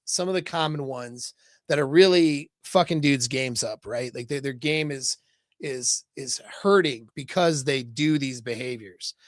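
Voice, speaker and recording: A man's voice: fairly high pitch, dry recording. Loose-talking male dating coach, dry sound. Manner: casual, loose, many fillers and "right?" tags. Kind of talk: live coaching talk.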